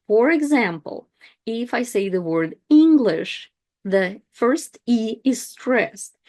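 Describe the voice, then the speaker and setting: A woman's voice: a little high, expressive, slow, a little mellow. A woman teaching an online language lesson, explaining step by step in a casual way with frequent fillers.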